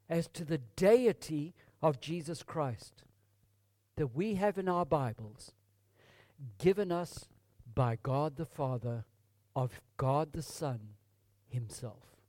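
Slow, emphatic high-voiced preacher. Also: male voice, a little mellow, dry recording, clean studio sound. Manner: emphatic, reads scripture with rising force; addresses congregation as folks. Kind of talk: sermon.

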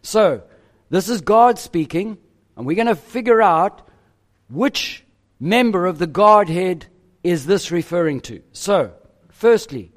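Slow, emphatic high-voiced male preacher. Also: lively intonation. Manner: emphatic and deliberate, pausing on each phrase. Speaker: pastor. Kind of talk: sermon.

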